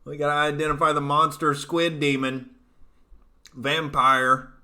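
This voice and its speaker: A man's voice: on the high side, little pitch movement, unhurried, sharp tone. Profane ranting male comedy host. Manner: profane, ranting, loose and jokey. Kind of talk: livestream comedy commentary reading chat.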